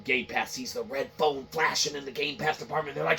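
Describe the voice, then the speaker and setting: A man's voice: mid-range voice, steady tone, a little fast, gravelly, crowd noise. A man hosting a podcast, ranting casually about a video game in a rambling, profane, repetitive way. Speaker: podcast host. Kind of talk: casual game-review rant.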